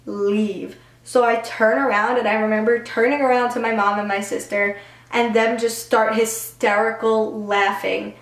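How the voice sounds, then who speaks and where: A young adult woman telling a story in a casual storytime vlog, chatty and full of "like" fillers. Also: medium pitch. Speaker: YouTuber. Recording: roomy echo.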